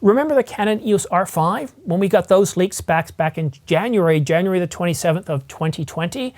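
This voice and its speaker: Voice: mid-range voice, expressive, brisk, darkish tone. A camera news vlogger talking in a casual, enthusiastic way, rambling and thinking aloud with frequent self-corrections. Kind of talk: casual vlog commentary.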